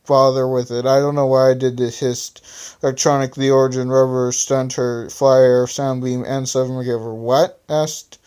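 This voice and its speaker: A home storyteller reads their own fiction aloud in a smooth, clear voice, recorded on a phone. They stumble, correct themselves, and break off for awkward joking asides. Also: medium pitch, little pitch movement, normal speed, darkish tone.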